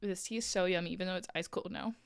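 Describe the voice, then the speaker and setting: A woman streamer chatting casually with her viewers while crocheting, playful and quick to laugh. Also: lowish voice, steady tone, gravelly, smooth. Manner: playful, laughs often, reads chat aloud.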